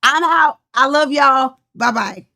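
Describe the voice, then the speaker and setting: Brief: woman, life coach hosting a casual motivational chat, pitch a touch high, upbeat, encouraging, talks to her audience as y'all. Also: takes it slowly, pushed and bright. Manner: chatty and encouraging, addressing listeners as y'all. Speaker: life coach and podcast host.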